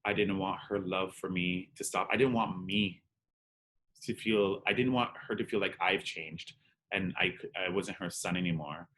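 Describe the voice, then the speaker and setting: Candid man, low voice, acting out dialogue. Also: steady tone, moderate pace, a bit bright. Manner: candid and emotional, acts out dialogue, peppered with "like". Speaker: drag performer and interview guest. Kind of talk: personal storytelling in an interview.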